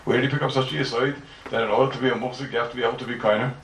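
Male Talmud lecturer, gravelly fry, fast, emphatic and repetitive; room echo, distant mic, faint hiss. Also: mid-range voice, fairly even intonation, fairly bright tone. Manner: rhetorical questions, emphatic repeating of phrases. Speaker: Talmud teacher. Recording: echoey room, mic far off, faint noise.

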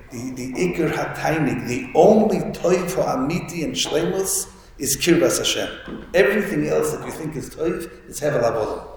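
Man teaching a Torah class, gravelly voice, very roomy hall, faint hum behind. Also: on the high side. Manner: storytelling, with many restarts and Hebrew and Yiddish terms. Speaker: rabbi giving a Torah talk. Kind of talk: Yiddish-inflected Torah lecture. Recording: echoey hall with faint room noise.

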